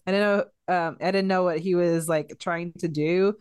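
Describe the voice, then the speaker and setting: A woman's voice: lowish voice, steady tone, normal speed, a little mellow, clean tone, dry recording, clean studio sound. A woman guesting on a film podcast, chatting with enthusiasm, swearing casually and laughing a lot.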